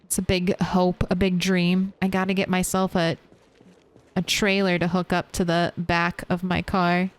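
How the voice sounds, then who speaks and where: A woman's voice: lowish voice, monotone, measured pace. A woman streaming a survival game, chatting casually and answering her chat as she plays. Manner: chatty, reads and answers chat while playing.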